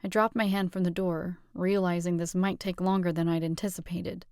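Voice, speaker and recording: A woman narrating an audiobook with expressive, steady storytelling. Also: lowish voice, moderate pace, smooth, dry recording, studio quality. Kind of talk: scripted narration.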